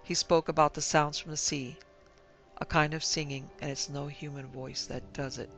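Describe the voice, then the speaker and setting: Male narrator, horror reading, gravelly voice, fairly high, even and flat. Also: soft background music, poor audio. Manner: measured, grave storytelling. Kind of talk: scripted horror story narration.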